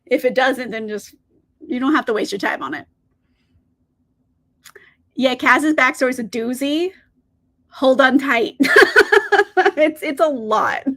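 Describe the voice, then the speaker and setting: A woman with a high voice hosts a live reading stream and chats easily with her viewers. She laughs often and talks loosely, with an occasional swear. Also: unhurried, long pauses, fairly bright tone. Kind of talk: casual chat to live viewers.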